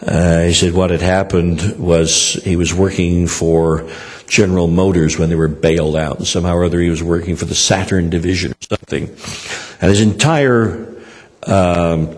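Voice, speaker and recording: Older guy preaching, super deep voice, lots of uh's, big echoey church hall. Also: fairly even intonation, normal speed. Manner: rambling, many "uh" and restarts. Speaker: pastor. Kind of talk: sermon with personal stories.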